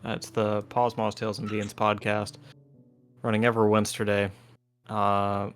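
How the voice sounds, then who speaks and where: A man chatting casually to stream viewers over voice chat, relaxed and rambling with lots of fillers. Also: on the low side, a little slow. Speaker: tabletop game player and stream co-host. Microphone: voice chat microphone.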